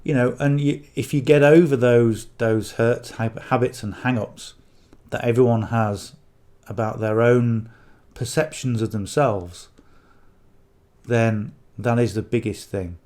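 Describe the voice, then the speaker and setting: At a measured pace, a middle-aged northern English man gives rambling affiliate marketing coaching in casual talk to camera, regularly checking in with "okay?" and "you know." His medium-pitched voice has a darkish tone and fairly even intonation.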